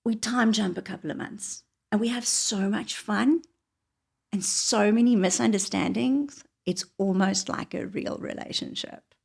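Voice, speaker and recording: A woman telling a wry, confessional personal story, often dropping into hushed whispered asides. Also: mid-range voice, measured pace, gravelly, breathy edge.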